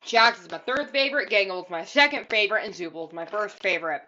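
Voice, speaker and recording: A woman's voice: mid-range voice, lively intonation, fast, bright, forceful tone, highs cut off. A woman vlogger giving casual, rambling reaction commentary and often repeating herself.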